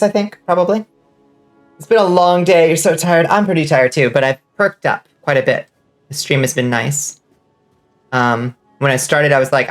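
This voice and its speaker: A woman streaming a game, chatting casually with viewers, swearing freely and laughing often. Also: low-pitched. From US South. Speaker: vtuber streamer. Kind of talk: casual gaming stream chat.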